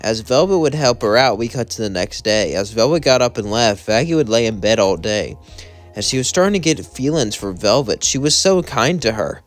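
A man tells a fan story aloud in a loose, rambling way, chaining each event to the next. His voice sits at an ordinary mid pitch. Faint music plays underneath. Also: lively intonation, normal speed. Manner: rambling, linking lines with "as".

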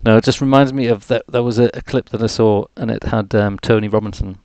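A man's voice: fairly low pitch, steady tone, fast talker, a little mellow, clean tone, no room sound, lo-fi sound. A man with a mild Geordie accent, hosting a live music stream and rambling jokily to fill time. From North East England. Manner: jokey, chatty, self-deprecating rambling. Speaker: livestream host.

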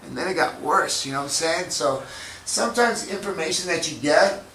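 A man with a high voice teaches a jiu-jitsu seminar in a casual, profane way. He acts out each move with sound effects. The camera catches him from far off in an echoey room with steady noise underneath. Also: brisk.

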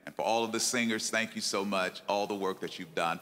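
Hoarse, raspy pastor leading prayer. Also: male voice, fairly low pitch, fairly quick, hardly any pauses, fairly bright tone. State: hoarse from preaching. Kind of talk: closing remarks and prayer. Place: church hall event. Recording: long-reverb hall with music behind.

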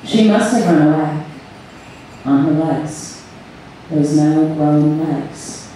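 Woman voicing a quiet dazed young girl. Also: low-pitched, slow pace, a little hiss or hum. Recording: echoey hall recorded from far off.

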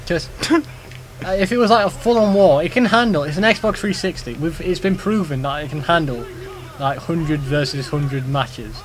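A man's voice: fairly high pitch, normal speed, slight background noise. A young man co-hosting a let's play video, chatting and laughing as he plays. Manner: chatty, laughs often, eager to react to the game. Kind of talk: casual gaming banter.

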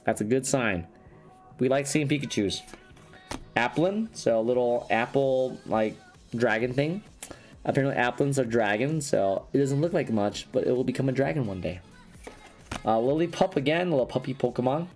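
Casual card-opening commentary comes from a YouTuber whose voice is going, and he rambles and restarts sentences as he works through each pack. He sounds mid-range, a little mellow and expressive, at a normal speed, with faint background music.

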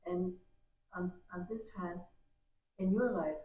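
An interviewer asking questions in an earnest, halting way. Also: medium pitch, mellow, roomy sound, soft background music, poor audio.

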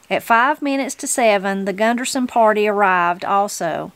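Woman from Southern Appalachia reading a story aloud, unhurried and gentle, dry close sound. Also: medium pitch, dry recording. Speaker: reader of a book.

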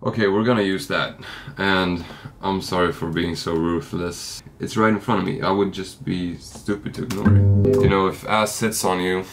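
A man's voice: low-pitched, fairly even intonation, moderate pace, gravelly, over music. A young man with a Swedish accent, chatting casually and joking around as he makes a beat for his vlog. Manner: goofy, jokey and candid. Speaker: music producer and YouTuber.

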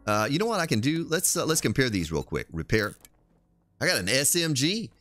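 A man's voice: medium pitch, big pitch swings, a little fast, a bit bright. A man streaming a game, chatting casually and thinking aloud as he plays. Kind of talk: casual gameplay commentary.

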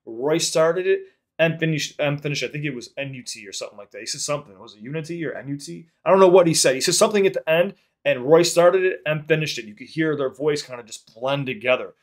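A man hosting a music reaction video, talking casually in an excitable, rambling way and swearing freely. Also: a little high, quick pace, few pauses.

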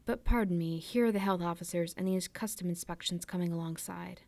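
Earnest young male sailor, respectful and plainspoken, low dry voice, read by a woman. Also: a little fast, creaky, darkish tone, no echo.

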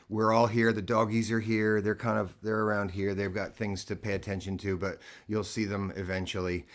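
A man's voice: on the low side, a bit bright. A man hosting a casual livestream from his living room, rambling and self-deprecating between songs. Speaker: host and singer.

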